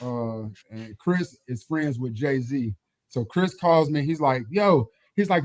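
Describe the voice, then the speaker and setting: A man guesting on a podcast, telling lively stories, swearing casually and acting out quotes loudly. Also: mid-range voice, slow, dry recording. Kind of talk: casual storytelling chat.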